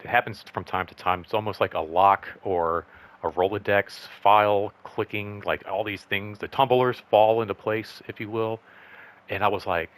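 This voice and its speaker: A man hosting a casual personal vlog update, rambling and excited, full of "like" and "um". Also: on the low side. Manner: rambling, lots of "like" and "um"; excited, upbeat. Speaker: channel host.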